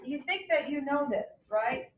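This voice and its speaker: A woman teaching a class, telling lively anecdotes and acting out the people in them. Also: high-pitched, unhurried. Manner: animated, acts out anecdotes. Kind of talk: classroom lecture. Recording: echoey classroom from far off.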